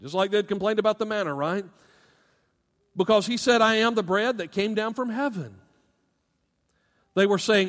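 A pastor preaching a sermon, emphatic and animated, with asides to the congregation. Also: male voice, high-pitched, moderate pace, pauses often, big-room sound.

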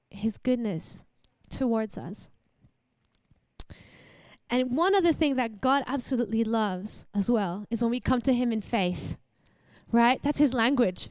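An Australian woman in her young adult years gives a church sermon in a high, clear voice. She speaks warmly and conversationally, asking the congregation questions. The sound is close and dry. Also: dry recording. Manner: warm, animated, laughs often, asks the audience questions. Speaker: preacher.

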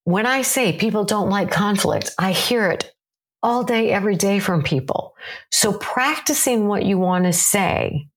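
A woman giving practical advice on communication in a direct, encouraging, conversational way. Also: mid-range voice. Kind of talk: advice talk to camera.

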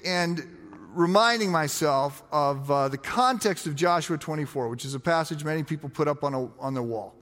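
A pastor with a slightly high voice preaches a sermon built around anecdotes, telling them with lively quoted voices. He often repeats words when quoting others, and the long reverb of a large hall surrounds him.

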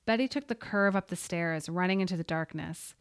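A woman reading a story aloud in a steady, suspenseful voice. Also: fairly low pitch, brisk, smooth, dry recording, studio quality. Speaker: audiobook narrator. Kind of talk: scripted narration.

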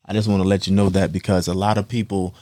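A man's voice: low-pitched, little pitch movement, fast, dark tone, dry recording, studio quality. A man hosting a podcast, reassuring and encouraging his guest with a lot of fillers. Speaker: podcast host. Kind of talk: supportive interview conversation. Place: podcast studio under lights.

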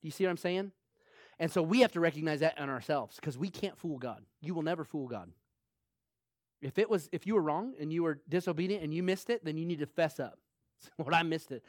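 A man's voice: a little high, brisk, a little mellow, no echo, clean studio sound. A man preaching a sermon in a conversational way, telling a personal story, repeating phrases for emphasis and laughing often. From small town. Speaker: pastor.

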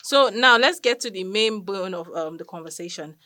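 A woman's voice: mid-range voice, animated, moderate pace, pushed and bright, no room sound, studio quality. Woman interviewer steering the chat. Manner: brief affirming prompts. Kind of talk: podcast interview.

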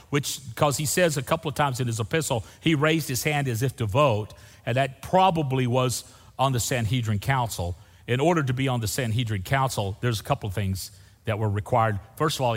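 A man preaching a sermon as pastor, folksy and humorous, saying "y'all" to his congregation. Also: mid-range voice. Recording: long hall reverb.

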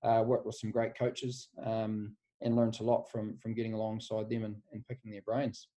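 A man in his forties with a New Zealand accent speaks from his office over a remote call. His voice is warm and mellow. He tells his career story in a relaxed, rambling way, with "mate" in nearly every sentence. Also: on the low side, moderate pace. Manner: laid-back, rambling, says "mate" constantly. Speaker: guest, strength and conditioning coach. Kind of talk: casual podcast interview.

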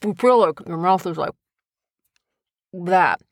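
A mother co-hosts a podcast with her young son, chatting casually and turning stories into lessons with animated storytelling and a teaching tone. Her voice is lowish and she takes things slowly. The clean studio sound has no echo.

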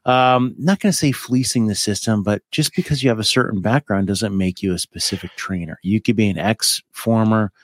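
A man's voice: on the low side, normal speed, few pauses, no room sound, studio quality. A man hosting a podcast, giving firm opinions and steering the conversation. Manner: opinionated, emphatic, steers the talk. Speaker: podcast host.

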